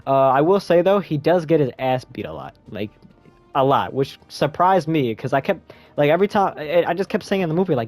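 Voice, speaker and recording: A man's voice: expressive, brisk, darkish tone, dry recording, soft background music. A young man giving a rambling, slangy spoken movie review in a casual chat style. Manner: rambling, slangy, jumps into high squeaky voice when quoting himself.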